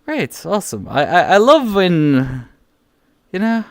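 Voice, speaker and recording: On his live stream, a man rants in an exasperated way, swearing and stumbling over his own restarts, his pitch jumping all over as he vents. Despite that, his delivery is slow and sing-song. The audio is close and dry, with no room echo.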